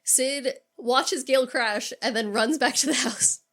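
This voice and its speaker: A woman's voice: high voice, measured pace, a bit bright. A woman co-hosting a podcast, casually retelling a horror movie scene by scene, with frequent swearing and acted-out quotes. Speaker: podcast co-host. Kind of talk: casual movie recap chat.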